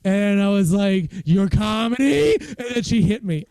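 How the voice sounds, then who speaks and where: A man's voice: high-pitched, unhurried, mellow, poor audio. A man who is a stand-up comedian, telling rambling, self-deprecating stories in a casual chat over a video call.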